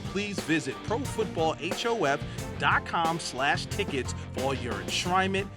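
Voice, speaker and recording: A man's voice: fairly high pitch, lively intonation, a little slow, over loud music. A man hosting a podcast, telling a story and wrapping up the episode in an enthusiastic, chatty way. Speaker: podcast host.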